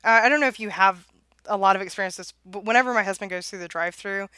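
A woman's voice: medium pitch, quick pace, pushed and bright, clear, resonant tone, no room sound. A woman chatting casually as a podcast co-host, laughing often and trailing off into fillers while she tells stories. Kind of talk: casual chat.

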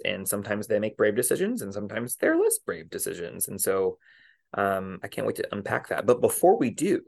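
A man hosting a casual podcast, animated and quick to laugh, with his voice jumping up in pitch when he gets excited. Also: creaky. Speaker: podcast host.

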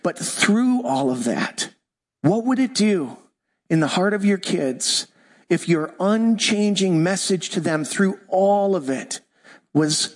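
A fifty-something man delivers a sermon with a fairly high, bright-pitched voice. He preaches with emphasis, repeating key lines and slowing right down for scripture and solemn declarations. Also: lively intonation. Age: 50s. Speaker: pastor. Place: church.

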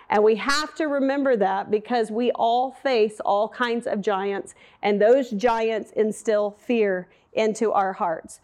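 A middle-aged woman preaches with a somewhat high voice, telling a personal story in a loose, chatty way. She fills gaps with ums and asides as she works toward her point. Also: steady tone, slow pace, few pauses, darkish tone. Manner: storytelling, southern "y'all", conversational with fillers.

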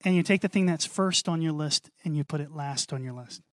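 A man preaching a sermon to a congregation, animated, repeating key phrases and calling for responses. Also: a little high, fairly quick, no echo, clean studio sound. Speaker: pastor.

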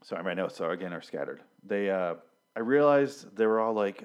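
A man's voice: sits low, animated, brisk, smooth. A young man giving a casual, rambling TV recap, swearing often and restarting his sentences as he gets worked up and flustered. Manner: rambling, profane, frequent restarts and fillers. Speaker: TV episode recapper. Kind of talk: casual rant.

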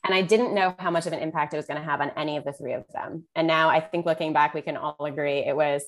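A woman nutrition coach, a guest on a podcast, telling stories in a casual chat and turning animated when she quotes herself. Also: low-pitched, fast talker.

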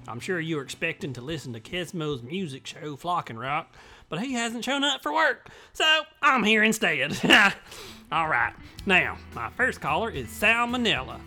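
A man's voice: fairly high pitch, bright, forceful tone, heavily acted. Man voicing a fussy magpie radio psychiatrist. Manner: exasperated, prim. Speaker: radio show host.

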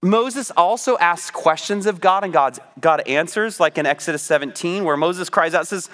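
A man preaching a sermon, teaching from the Bible in an animated, conversational way. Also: sits high, moderate pace, few pauses.

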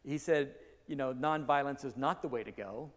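A man's voice: medium pitch, normal speed. Guy preaching in a church, chatty, fixes his words midway, big echoey hall. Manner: conversational, self-correcting, rising emphasis. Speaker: pastor. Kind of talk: sermon. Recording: long reverb of a large hall.

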